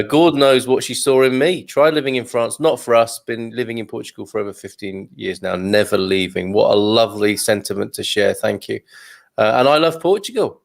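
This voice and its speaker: A man's voice: mid-range voice, creaky. Chatty male host, jokey, reading viewer comments aloud. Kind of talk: casual live-stream chat.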